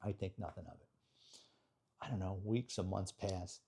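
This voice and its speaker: Middle-aged New man, ex-detective guest spinning a case story, blunt and lively. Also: low voice, moderate pace, husky. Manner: animated, blunt street-wise storyteller. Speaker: retired police detective, guest. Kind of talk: storytelling in a podcast interview.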